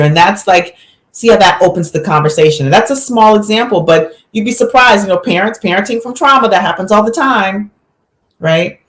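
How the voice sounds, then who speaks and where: A woman physician, a guest on a podcast, telling a story with lively acted-out quotes in a relaxed conversational way. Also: mid-range voice, a little fast, echoey room. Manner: animated storyteller, acts out quotes.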